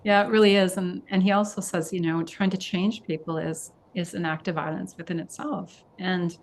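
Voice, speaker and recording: An older woman hosting a podcast interview, speaking slowly and thoughtfully and often repeating words as she searches for them. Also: fairly low pitch, fairly even intonation, slight background noise. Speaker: podcast host.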